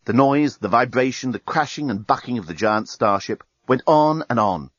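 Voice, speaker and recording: A man narrating a story aloud in an expressive, lively reading. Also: mid-range voice, moderate pace, no echo. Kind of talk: audiobook narration. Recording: dry, slightly muffled.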